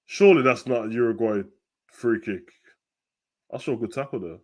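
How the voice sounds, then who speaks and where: A man's voice: mid-range voice, normal speed, pauses often. Slangy man calling football live. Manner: slangy, chatty, swings to loud excited play-by-play. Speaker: watch-along host. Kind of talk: live football watch-along commentary.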